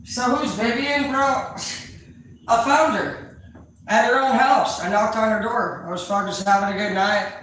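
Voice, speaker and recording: A woman tarot reader chatting casually to her viewers, rambling, loud and full of swearing. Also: mid-range voice, moderate pace. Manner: profane, loud, animated storyteller. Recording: echoey room, distant mic, faint noise.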